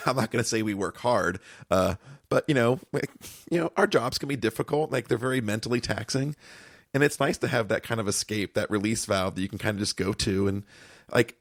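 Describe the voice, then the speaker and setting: A man's voice: lowish voice, dry recording, clean studio sound. A man co-hosting a podcast in casual chat, easygoing and reassuring, full of fillers. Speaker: podcast co-host.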